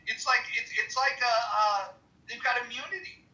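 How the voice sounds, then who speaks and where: Rambling speaker, very bright sharp tone, halting restarts, echoey audio. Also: mid-range voice, dull audio. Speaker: participant in a social audio room. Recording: echoey room sound.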